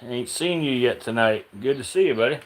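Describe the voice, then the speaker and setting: A man's voice: medium pitch, animated, a little fast. A man streaming live with his reptiles, chatting casually with viewers and teasing his snakes like buddies.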